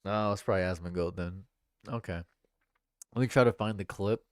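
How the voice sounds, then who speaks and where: A man's voice: sits low, fairly quick, clean tone, no room sound, studio quality. A man streaming casual commentary, joking and chatting as he reads and answers his chat.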